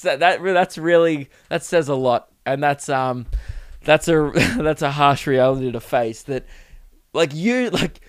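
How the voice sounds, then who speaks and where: A man's voice: a little high, no room sound, clean studio sound. Profane young man ranting. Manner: rambling, profane, self-mocking. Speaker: podcast host. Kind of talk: casual comedic monologue.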